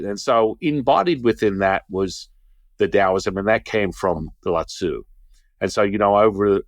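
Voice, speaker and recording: Animated low-voiced man telling a story. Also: dry recording, studio quality. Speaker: Taoist teacher, interview guest. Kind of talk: casual storytelling.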